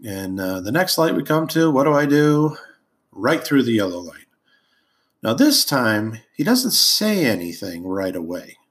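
A man's voice: medium pitch, very animated, measured pace, fairly bright tone. A man hosting a podcast, telling a childhood story in a rambling, amused way with many ums and uhs. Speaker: podcast host. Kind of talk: casual storytelling monologue.

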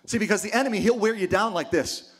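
A man preaching a sermon with lots of energy, dropping to quiet asides and then rising to shouted exclamations. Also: high-pitched, quick pace, husky. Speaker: pastor.

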